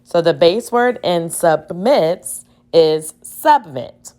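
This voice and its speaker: A woman's voice: fairly low pitch, lively intonation, slow pace, mellow. A woman teacher giving a spelling dictation, sounding out syllables and spelling words letter by letter. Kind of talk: slow spelling dictation lesson.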